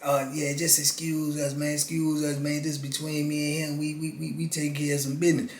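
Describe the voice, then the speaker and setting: A man putting on the voice of a menacing older male inmate who talks low and raspy, slow and pressuring. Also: completely flat delivery, roomy sound, a little hiss or hum, lightly acted. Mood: quietly insistent.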